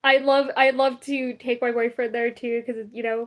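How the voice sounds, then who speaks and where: A woman's voice: a little high, little pitch movement, normal speed. A young woman streaming live, chatting casually and rambling, often laughing. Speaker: livestreamer. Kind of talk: casual livestream chat.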